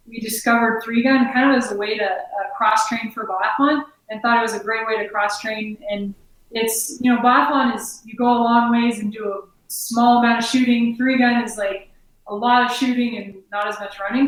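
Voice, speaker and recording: A woman from Colorado, a former biathlete, talking casually as an interview guest with relaxed, filler-heavy speech. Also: a little high. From Colorado, United States. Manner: relaxed, chatty, with many fillers. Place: inside her outdoor gear shop. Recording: echoey room, voice far from the mic.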